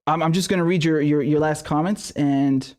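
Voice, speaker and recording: A man's voice: a little high, steady tone, moderate pace, a little mellow. A man hosting a live-streamed political commentary show, ranting in a heated, profane way.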